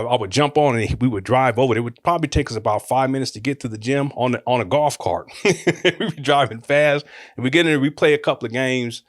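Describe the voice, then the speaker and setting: A middle-aged man casually telling a personal story, animated, laughing often and acting out what people said. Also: mid-range voice, no echo, clean studio sound. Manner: animated, laughs often, acts out quotes with raised voice.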